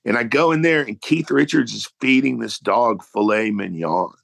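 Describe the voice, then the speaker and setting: A man's voice: mid-range voice, moderate pace, creaky, background noise. A man, a guitarist, telling a backstage anecdote in a loose, swearing storyteller's way. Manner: animated storyteller, salty language. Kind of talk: casual anecdote.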